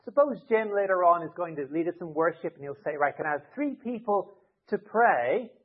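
A man preaching a conversational sermon from the pulpit, explaining his points with everyday hypothetical scenarios. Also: high voice. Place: church. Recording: tinny narrow-band sound.

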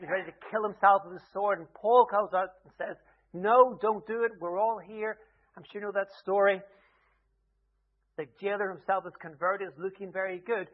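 Storytelling preacher, tinny lo-fi sound. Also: male voice, high voice. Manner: storytelling, lively retelling with humorous asides. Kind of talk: sermon.

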